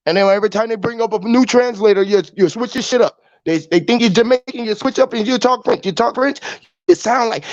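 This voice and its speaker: A high-pitched, fast-talking podcast host spells out words letter by letter during a rambling monologue of crude wordplay. The recording is dull, dry lo-fi with no room sound.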